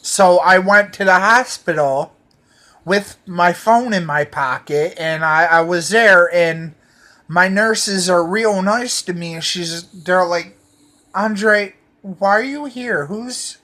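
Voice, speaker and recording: A man's voice: high-pitched, slow, sharp tone. A man telling a rambling personal story, profane and meandering, full of fillers and restarts.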